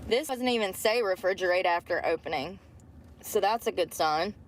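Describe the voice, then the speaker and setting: A woman's voice: medium pitch, moderate pace. A woman vlogging from inside her car, chatting candidly to viewers, rambling and swearing freely. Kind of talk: casual chat to viewers. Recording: car interior with vehicle noise.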